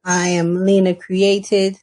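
A woman's voice: lowish voice, completely flat delivery, slow pace, darkish tone. A woman hosting a podcast in a loose, upbeat, chatty way. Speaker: podcast host. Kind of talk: casual podcast chat.

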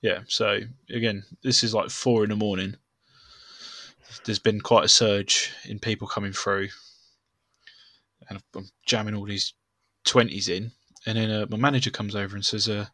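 A young man chats on a podcast, spinning a rude, self-mocking story. His voice sits low, with a bright, forceful edge. The sound is dry and close. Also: flat delivery, normal speed, no echo. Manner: swearing storyteller, laughs at himself. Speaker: podcast co-host. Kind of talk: casual chat.

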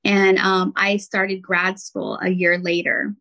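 A woman's voice: mid-range voice, flat delivery, takes it slowly, creaky, bright, forceful tone, poor audio. A woman, a podcast guest who works as a nurse and healer, telling a personal story in an earnest, heartfelt way with many "um"s and "like"s.

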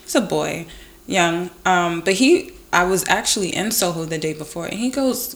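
A woman's voice: fairly low pitch, expressive, moderate pace. A woman in a casual chat, telling stories in an emphatic, indignant way.

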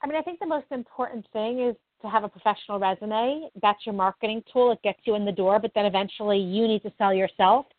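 A woman's voice: mid-range voice, quick pace, few pauses, dry recording. A woman from New Jersey, a guest on an interview, who answers modestly and gives earnest advice. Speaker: interview guest, nonprofit founder. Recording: dry, tinny phone-like line.

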